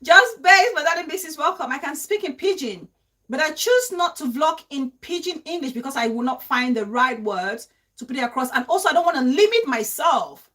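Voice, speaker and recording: A woman's voice: high voice, expressive, fairly quick, sharp tone. A young adult woman with a Cameroonian accent hosting a live-stream vlog, making her points emphatically and repeating them as rhetorical questions. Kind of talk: live-stream vlog, reading viewer comments.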